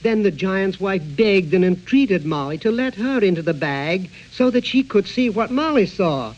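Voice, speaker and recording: A man narrating a fairy tale in a measured, rhythmic storytelling manner. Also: high voice, expressive, a little mellow. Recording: dull, muffled recording with music.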